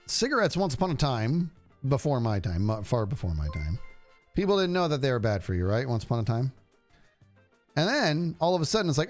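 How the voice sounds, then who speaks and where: A man's voice: medium pitch, sing-song, a little fast, faint music behind. A man streaming a game, chatting casually and rambling to his viewers. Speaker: livestreamer. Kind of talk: casual gameplay stream chat.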